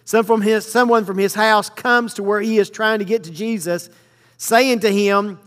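A man preaching a sermon, reading scripture verses slowly and then explaining them with emphasis. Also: sits high, fairly even intonation, a bit bright. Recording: long hall reverb.

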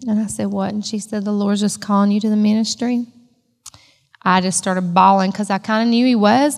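Gravelly-voiced woman giving her church testimony, emotional, long hall echo. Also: mid-range voice. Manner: emotional, storytelling. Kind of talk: personal testimony.

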